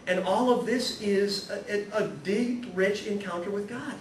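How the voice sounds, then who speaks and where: A man giving a humorous, animated spiritual talk to a live audience, acting out the people in his stories and swinging from hushed to loud. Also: sits high, unhurried. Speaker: guest speaker at a spirituality talk series. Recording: echoey room, voice from far off, audible noise.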